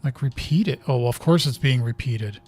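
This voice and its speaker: A man's voice: mid-range voice, moderate pace, darkish tone, husky, faint music behind. Man thinking aloud while gaming. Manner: muttering, thinking aloud, reading in-game notes while playing. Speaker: gamer playing through a horror video game. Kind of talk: casual let's-play commentary.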